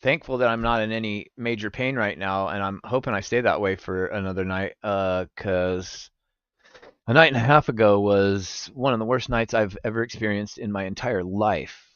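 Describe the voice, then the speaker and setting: A man's voice: lowish voice, moderate pace, clear, resonant tone, dry recording, muffled recording. A young man streaming live, chatting casually with his viewers and swearing freely. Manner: animated, swearing, talks to chat. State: recovering from gallstones.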